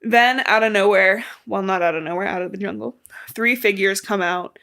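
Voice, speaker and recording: A woman's voice: medium pitch, moderate pace, fairly bright tone. Young woman co-host with a slight lisp; loose, rambling recap delivery with casual swearing. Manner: rambling, swears casually, acts out quoted lines. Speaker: podcast co-host. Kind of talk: casual book recap chat.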